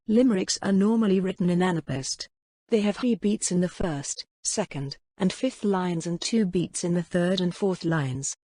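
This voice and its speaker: Low-voiced woman narrating a lesson. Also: mellow, no room sound. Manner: measured, explanatory reading. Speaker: teacher narrator. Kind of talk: scripted educational narration.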